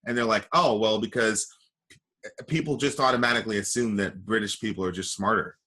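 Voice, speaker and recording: A man's voice: fairly low pitch, fairly quick, bright, forceful tone. A man hosting an interview, telling a story and laughing as he talks. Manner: storytelling, laughs while talking. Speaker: interview host. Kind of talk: casual interview chat.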